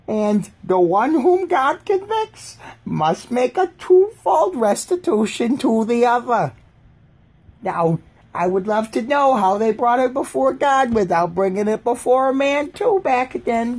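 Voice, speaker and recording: Husky woman reading aloud with jokes. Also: a little high, a little mellow. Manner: jokey, reads aloud then riffs and mocks the text. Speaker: streamer reading scripture to chat. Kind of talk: casual livestream reading with commentary.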